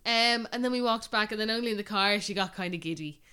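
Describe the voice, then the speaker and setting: A woman's voice: mid-range voice, fast talker, sharp tone, clear, resonant tone. A young Irish woman hosting a podcast, telling a long personal story in a rambling, casual way full of "like". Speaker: podcast host. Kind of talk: casual chat.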